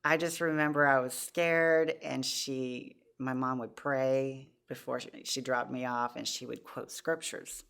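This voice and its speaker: Gravelly woman telling her story. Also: rumbling low, level tone, a little slow, hardly any pauses, fairly bright tone. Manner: earnest, heartfelt storytelling, many restarts. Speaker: podcast guest. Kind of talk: personal testimony in an interview.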